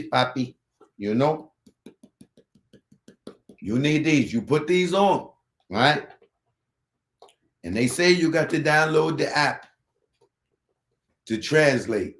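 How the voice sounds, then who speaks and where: A man putting on a pushy, fast-pitching salesman who mixes English and Spanish and keeps saying "papi.". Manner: high-energy sales pitch, says "papi" and "puppy" over and over. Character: pushy male hype salesman talking Spanglish. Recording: roomy echo.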